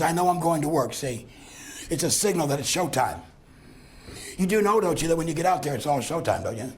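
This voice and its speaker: Speaking a little high with some hiss or hum in the recording, this man lectures a seminar class on conflict talk. His style is storytelling, full of acted-out dialogue and frequent chuckles.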